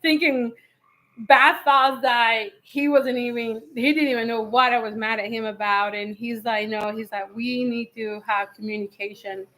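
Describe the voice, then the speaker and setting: A woman with a bright, high voice tells a story from her marriage in a live Q&A. She is animated and plays out both sides of an old argument, breaking into laughter. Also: moderate pace, poor audio. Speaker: co-host telling a marriage story.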